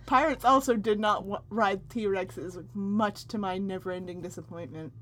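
A woman's voice: mid-range voice, normal speed, fairly bright tone. A woman co-hosting a podcast in casual, comic chat, teasing and giggling often. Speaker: podcast co-host.

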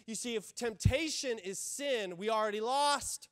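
Brief: male pastor, higher voice, emphatic and repetitive preaching, dry close sound. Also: a little slow, hardly any pauses, no room sound. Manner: emphatic, repeats key phrases, asks the congregation questions. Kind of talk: sermon.

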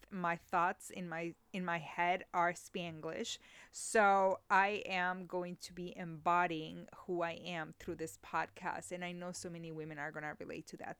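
Mexican-born woman hosting a solo podcast; earnest, heartfelt delivery, smooth voice, dry room. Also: on the low side, no room sound. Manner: emotional, earnest, mixes soft and emphatic moments. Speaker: podcast host. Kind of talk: casual solo podcast monologue.

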